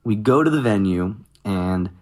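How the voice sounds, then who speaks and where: Lowish-voiced man telling band stories. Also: a little slow. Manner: animated, quotes others in lively voices. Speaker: interviewed musician. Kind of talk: casual storytelling interview.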